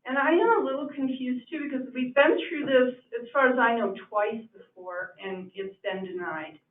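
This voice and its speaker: Quiet, puzzled woman resident. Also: high-pitched, normal speed. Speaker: resident speaking at public comment. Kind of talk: public meeting comment. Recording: echoey, distant, tinny phone-like sound.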